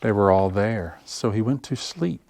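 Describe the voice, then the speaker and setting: A children's librarian reading picture books aloud at story time, slow and expressive. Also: male voice, fairly low pitch, creaky. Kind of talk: picture-book read-aloud.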